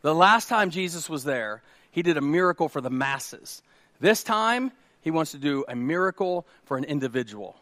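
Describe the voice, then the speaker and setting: A man, preaching a sermon with animated storytelling and questions to the congregation. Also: fairly high pitch, normal speed, no room sound. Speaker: pastor.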